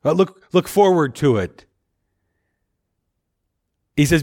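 A man's voice: on the high side, lively intonation, slow pace, long pauses, darkish tone. A man preaching a sermon in a conversational way, often repeating words as he thinks aloud.

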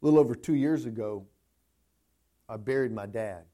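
A male pastor preaching a sermon, swinging between hushed, tender passages and impassioned climbs. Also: medium pitch, normal speed, long pauses.

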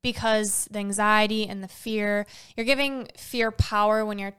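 Encouraging woman with a smooth voice. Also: mid-range voice, fairly even intonation, normal speed, a bit bright. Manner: encouraging, upbeat, gives advice. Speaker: podcast co-host. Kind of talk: casual chat.

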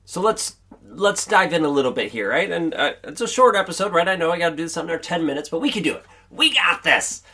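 A man's voice: a little high, big pitch swings, quick pace, bright, forceful tone, slightly rough. Upbeat man hosting a motivational podcast. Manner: upbeat, earnest, chatty, pep-talk delivery. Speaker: podcast host. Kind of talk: motivational solo podcast monologue.

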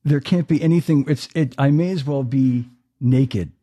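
A man's voice: mid-range voice, normal speed, warm tone, breathy edge. A man hosting a casual interview podcast, enthusiastic and chuckling, often restarting his phrases. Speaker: podcast host.

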